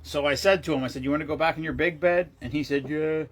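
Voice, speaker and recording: A middle-aged man with a husky, slightly high-set voice chats loosely on a livestream. He rambles from story to story and swears offhandedly. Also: steady tone, quick pace. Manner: rambling, profane storytelling with laughs. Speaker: livestream host. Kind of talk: casual livestream chat.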